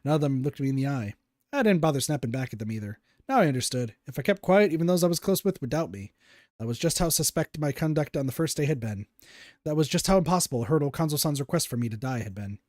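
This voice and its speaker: Streamer guy reading a visual novel out loud, lively swingy voice, talks fast, game music under it. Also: a little high, no room sound, clean studio sound. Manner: animated, switches voices for characters. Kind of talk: dramatic read-aloud of game text. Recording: game music playing behind.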